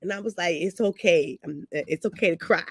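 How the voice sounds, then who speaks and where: A woman on a discussion panel, telling a story about her son in a casual, lively way. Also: fairly low pitch, a little fast, breathy edge, dry recording. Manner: storytelling, animated when quoting herself. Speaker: panel guest, mother.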